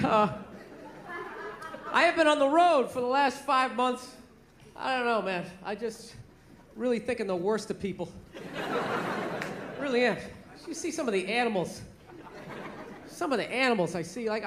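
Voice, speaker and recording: A man doing a stand-up comedy set, ranting loudly with heavy swearing and shouted impressions. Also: extremely high pitch, moderate pace, pauses often, big-room sound, a little hiss or hum. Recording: live club with audience laughter. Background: crowd laughing.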